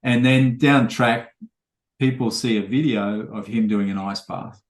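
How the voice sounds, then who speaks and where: A man's voice: medium pitch, measured pace, echoey room. A man, a trainer telling rambling anecdotes full of quoted dialogue in a casual podcast interview.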